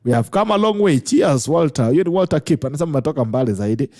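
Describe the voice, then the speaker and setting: A man's voice: a little high, lively intonation, fast, mellow. A Kenyan man hosting a casual talk show, switching between English and Swahili and laughing often. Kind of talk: casual chat, reading viewer comments.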